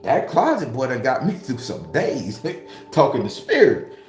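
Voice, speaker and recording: A man's voice: mid-range voice, huge pitch swings, measured pace. A man giving a fired-up spiritual talk straight to the camera, swearing freely and firing off rhetorical questions like a preacher. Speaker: spiritualist YouTuber. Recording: echoey room with faint music.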